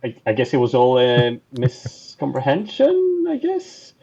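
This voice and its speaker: Gravelly guy on a muffled lo-fi mic, hesitant, asks a lot of questions. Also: medium pitch, wildly swooping pitch, unhurried, darkish tone, slight background noise. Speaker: podcast co-host. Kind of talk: casual book discussion. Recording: dull lo-fi mic.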